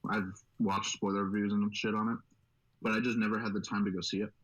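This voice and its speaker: Young man, lowish voice, podcast host, casual chat, profane, excitable. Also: fairly quick, low-quality recording.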